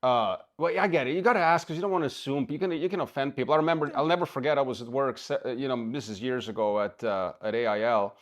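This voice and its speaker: A man's voice: mid-range voice, fast, few pauses. Blunt man with a Swiss accent. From Switzerland. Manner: blunt, swears freely, lots of restarts. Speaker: podcast co-host. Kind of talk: casual chat.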